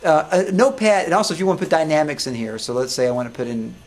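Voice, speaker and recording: A man teaching music software to a class, talking casually with many restarts and questions to the students. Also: a little high, lively intonation, rapid-fire. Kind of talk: live classroom software demo.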